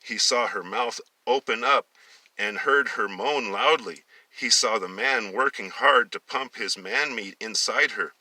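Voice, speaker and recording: A man's voice: fairly low pitch, a little slow, pushed and bright, no echo, distant mic, low-quality recording. A man reading a novel aloud, often stumbling, restarting and correcting himself. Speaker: story reader.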